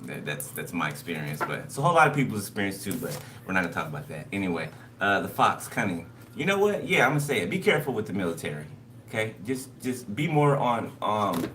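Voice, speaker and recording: A man with a low-pitched, fairly bright voice gives a casual, loose, conversational tarot reading, regularly checking in with his listeners. The recording is noisy.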